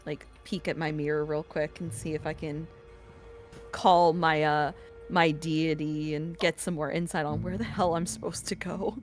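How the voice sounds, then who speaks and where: A woman at a tabletop game who talks casually and keeps asking questions. Her voice is a touch low. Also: flat delivery, moderate pace, faint music behind. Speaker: player.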